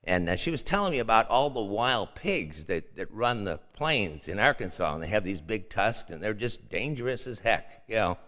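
An older man shares rambling personal stories at a meeting, repeating himself in a folksy way. His voice is bright and forceful, and it rings with a long reverb from the hall. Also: lowish voice, expressive, normal speed, few pauses. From Chicago. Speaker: speaker sharing at a meeting.

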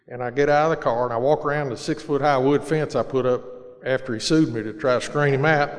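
Middle-aged male speaker, earnest and plain, average pitch, long hall reverb. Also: fairly even intonation, fairly quick. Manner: earnest, plain-spoken, with repeated restarts. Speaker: speaker sharing his recovery story. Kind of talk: personal storytelling talk.

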